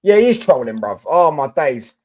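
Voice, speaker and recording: A young man hosts a casual live stream, talking loosely and answering viewer comments as they come in. He speaks in a somewhat higher register, with frequent fillers and restarts. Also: sing-song, normal speed, mellow.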